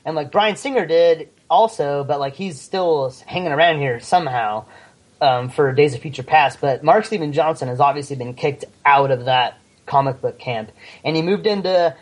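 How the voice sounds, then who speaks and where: A man co-hosting a casual podcast, ranting animatedly with lots of swearing and quick repeats. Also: a little high. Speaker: podcast co-host. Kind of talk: casual chat.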